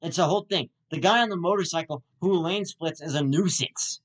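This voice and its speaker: A man's voice: on the high side, brisk, hardly any pauses, rough recording. A man delivering a comic rant, angry and profane, often stammering and restarting his sentences. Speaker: comedic ranter.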